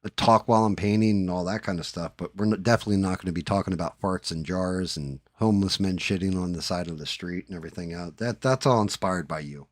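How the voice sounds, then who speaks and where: A man's voice: low-pitched, fast talker, few pauses, no echo, studio quality. A man hosting a live stream, chatting casually and swearing as he paints at his hobby desk, talking into a headset. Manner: profane, mutters to himself while working. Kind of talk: casual chat while painting.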